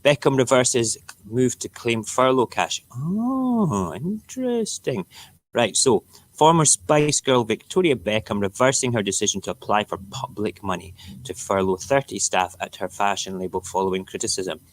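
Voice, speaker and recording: A middle-aged Scottish man with an Edinburgh accent hosts a relaxed live stream, leafing through the morning papers. His voice sits fairly low, and he rants and jokes with his viewers in a loose, chatty way. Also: moderate pace, no echo. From Scotland. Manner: ranting, jokey, talks back to chat viewers. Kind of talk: casual morning chat reading newspapers.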